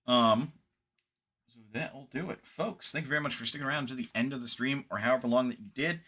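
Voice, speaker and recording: A man's voice: medium pitch, brisk, bright, forceful tone, breathy edge. A man streaming games, wrapping up in casual rambling chat, tired and yawning late at night. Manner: rambling, laid-back, sleepy.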